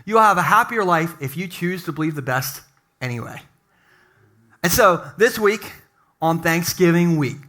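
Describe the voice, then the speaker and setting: Jokey male pastor, high and bright, chatty sermon delivery. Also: animated, moderate pace. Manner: playful, jokey, conversational preaching. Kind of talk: humorous sermon. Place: church sanctuary.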